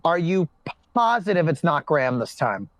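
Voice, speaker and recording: A man's voice: fairly high pitch, very animated, moderate pace, dry recording. A man co-hosting a podcast in casual group chat, teasing the others with sarcastic bits. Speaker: podcast co-host.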